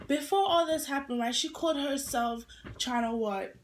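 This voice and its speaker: A young woman vlogger telling a casual storytime, animated and full of attitude as she acts out quotes. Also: high-pitched, moderate pace, a little hiss or hum. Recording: echoey room.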